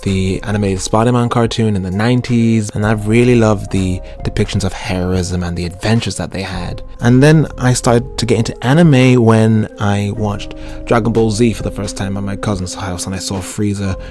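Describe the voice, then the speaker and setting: A man in his thirties recalling how he got into cartoons and anime, in a thoughtful, measured way. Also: on the low side, steady tone, a little mellow, faint music behind. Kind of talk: reflective storytelling.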